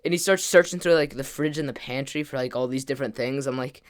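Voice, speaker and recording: A man telling a casual storytime to his camera as a gaming vlogger, rambling with lots of "like" and "kinda" fillers. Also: mid-range voice. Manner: acts out friends' lines in quick quotes.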